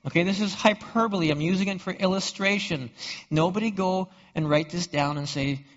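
A high-voiced pastor preaching a sermon, posing rhetorical questions and stumbling over repeated words. The sound is dull and heard with a long, echoing hall reverb. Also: male voice, brisk.

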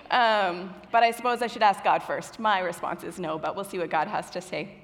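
A woman's voice: fairly low pitch, moderate pace, in a large hall. A young woman from children's ministry preaching a sermon on stage, chatty and self-deprecating, a little nervous. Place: church auditorium with stage lights.

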